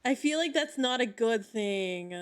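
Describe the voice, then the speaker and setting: A woman's voice: fairly high pitch, lively intonation, slow pace. A young woman from Indiana with a Midwestern accent and a slight Southern lilt, streaming a game and chatting casually with viewers, giggly and playfully dramatic. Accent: Midwestern American with a slight Southern lilt. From Indiana, USA. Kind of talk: casual live-stream chat while gaming.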